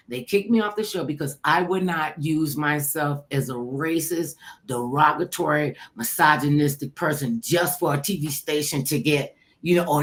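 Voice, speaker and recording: In this relaxed storytelling conversation, a talk show host recounts something that happened to her. Her voice is low and older-sounding, and she laughs as she animatedly performs the quoted voices.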